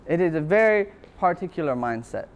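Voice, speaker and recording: A man's voice: a little high, animated, fairly quick. Earnest man telling a personal story. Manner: repeats phrases for emphasis. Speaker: university lecturer. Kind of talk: motivational talk.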